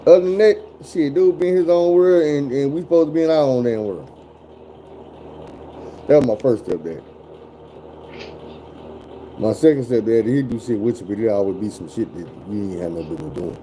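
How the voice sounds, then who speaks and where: A man's voice: mid-range voice, fairly quick, long pauses, dark tone, a little hiss or hum, poor audio. A man in his forties telling stories in casual chat, blunt and full of cursing. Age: 40s. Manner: profane, blunt, drawling storyteller.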